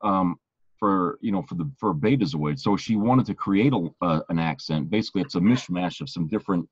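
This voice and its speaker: Man, podcast co-host, casual rambling chat, husky, dull lo-fi sound. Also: low-pitched, a little fast. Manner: rambling, repeats and restarts phrases.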